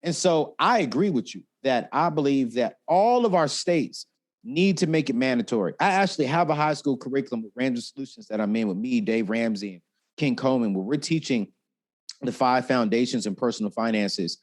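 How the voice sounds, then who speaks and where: A talkative man sharing personal finance lessons in an interview. He tells his stories with lively swings in his voice and acts out the people he quotes. His delivery is expressive and easygoing. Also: mid-range voice, a little fast. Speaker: guest, personal finance expert. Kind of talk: animated interview storytelling.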